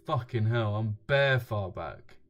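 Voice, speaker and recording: A man's voice: lowish voice, expressive, slow, lo-fi sound, soft background music. A young man hosting a casual livestream, blunt and slangy, swearing freely and chuckling as he reads viewer comments aloud. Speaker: trading livestream host.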